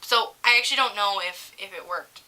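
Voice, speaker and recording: Very bright, giggly young woman. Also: mid-range voice, a little fast, low-quality recording. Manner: giggly, profane storyteller. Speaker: co-host. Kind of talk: casual chat.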